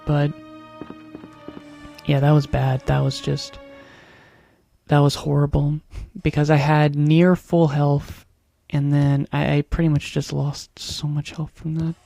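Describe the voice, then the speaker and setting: A man's voice: on the high side, monotone, takes it slowly, creaky, mellow. A man giving casual gameplay commentary, fretting and repeating himself as he mutters complaints over faint game music. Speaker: let's play commentator.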